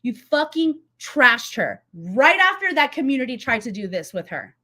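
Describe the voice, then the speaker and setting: A woman's voice: fairly high pitch, very animated, moderate pace, bright, forceful tone. A woman hosting a reaction commentary video, heated and blunt, swearing freely as she talks back to a clip. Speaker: commentary YouTuber.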